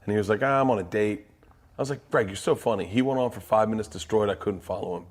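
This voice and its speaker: A middle-aged man, a stand-up comic, chatting casually on a podcast. His speaking voice sits fairly low. When he gets animated, his pitch leaps up sharply. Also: rapid-fire, husky. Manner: excited, animated storytelling with jumps in pitch. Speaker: stand-up comedian.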